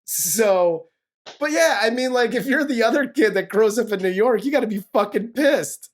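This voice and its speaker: Male podcast host, casual and crude, slightly high voice. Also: moderate pace. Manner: crude, joking, animated. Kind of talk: casual movie review chat.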